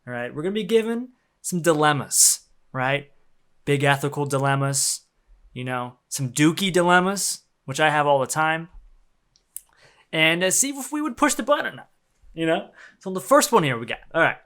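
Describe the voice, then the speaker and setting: A young gaming streamer with a slightly high, bright, very animated voice talks at normal speed while playing. His casual commentary rambles and jokes along in slangy talk with plenty of swearing.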